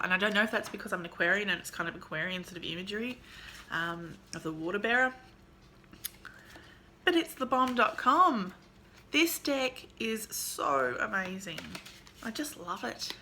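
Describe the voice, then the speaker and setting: A woman vlogger in casual chat, gushing and excitable as she shows off her haul, with lots of fillers. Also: medium pitch, slight background noise. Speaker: vlogger showing a tarot deck haul.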